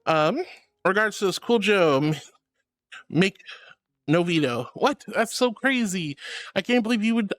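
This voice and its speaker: A woman's voice: mid-range voice, animated, measured pace. A woman streaming live and chatting with her viewers, playful and theatrical, calling them darling and honey. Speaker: virtual streamer.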